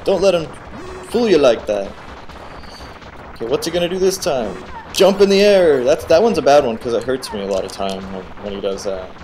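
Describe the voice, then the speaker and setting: A man giving casual, excitable commentary while playing a video game, cheering on the character and guessing at the boss's moves. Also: mid-range voice, a little fast, slight background noise. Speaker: let's play host.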